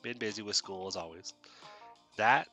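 Man reading a polite young woman, bright-toned, hesitant and earnest, storybook reading. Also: on the low side, moderate pace, soft background music. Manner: polite, says ma'am and sir, hesitant restarts.

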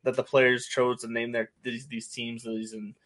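A man on a podcast in casual sports chat as a guest, rambling and correcting himself as he goes, quick to laugh. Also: mid-range voice, level tone, fairly bright tone. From New England.

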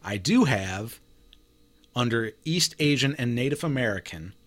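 A man's voice: mid-range voice, expressive, a little slow, fairly bright tone. Chatty man reading out results. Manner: chatty, reads numbers out, laughs often. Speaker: host. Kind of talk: casual group chat.

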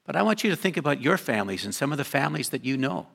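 An older man preaches to his congregation in a loose, conversational way, tossing in joking asides. His voice is bright, and his pitch swings widely as he talks. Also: very animated, rapid-fire, vocal fry, breathy edge. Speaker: pastor. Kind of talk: sermon.

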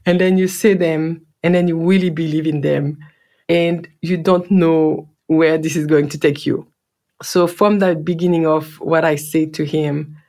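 A woman's voice: sits low, creaky, darkish tone. A woman from Guadeloupe with a French accent, telling her own story in an earnest, reflective way and repeating words for emphasis. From Guadeloupe, French Caribbean. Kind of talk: personal storytelling.

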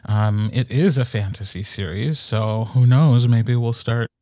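A man co-hosting a podcast, an audiobook narrator talking in a relaxed way, hesitating often with ums. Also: mid-range voice, a little slow, dry recording, clean studio sound. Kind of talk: casual chat.

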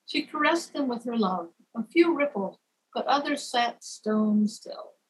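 A woman narrating a gentle fable at an unhurried pace, softly chanting the repeated refrains. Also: fairly high pitch, expressive, slightly rough, poor audio. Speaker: storyteller. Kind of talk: scripted narration.

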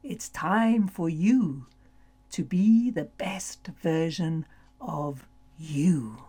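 A woman voicing a soldier father who has found his lost daughter, tender and tearful, then low and grave, in a storybook reading. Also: drawn-out words, warm tone, husky, exaggerated voice. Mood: serious.

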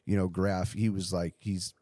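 Laid-back, low-voiced man rambling. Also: level tone, normal speed, mellow, no echo, clean studio sound. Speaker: podcast host, t-shirt company owner. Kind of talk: casual chat.

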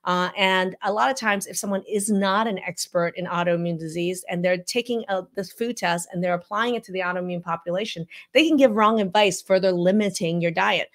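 A woman's voice: lowish voice, a little fast, few pauses. Emphatic woman giving reaction commentary. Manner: emphatic, animated, teacherly; frequent "okay?" check-ins. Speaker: functional medicine practitioner.

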